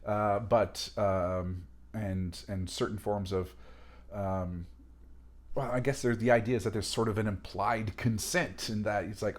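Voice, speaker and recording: Man, on the low side, loosely talks through a reading with chatty asides and restarts. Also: measured pace. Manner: discursive, many fillers and restarts, animated asides. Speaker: lecturer. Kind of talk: casual spoken lecture on a reading.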